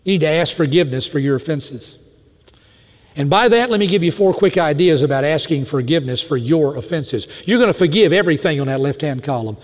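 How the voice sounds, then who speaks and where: A man preaching in a high voice that swings widely as he drives his points home. His sermon is animated, with mock-indignant asides to the congregation. The sound carries the long reverb of a large hall. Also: brisk. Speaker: pastor.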